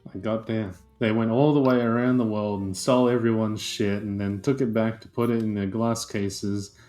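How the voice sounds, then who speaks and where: A man's voice: on the low side, steady tone, normal speed, dark tone, faint music behind. A man co-hosting a podcast, chatting casually with sarcastic, profane jokes. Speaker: podcast co-host. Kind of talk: casual chat.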